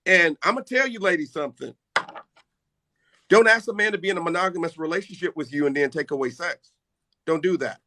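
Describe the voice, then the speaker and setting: Brash high-voiced man hosting a chat. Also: a little fast, pauses often, sharp tone, dry recording. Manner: brash, boastful trash talk. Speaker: live stream host. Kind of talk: casual live chat with callers.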